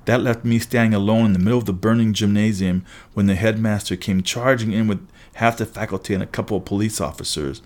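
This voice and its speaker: A man reading an audiobook aloud with steady, brisk storytelling. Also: lowish voice. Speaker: audiobook narrator. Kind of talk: scripted audiobook narration.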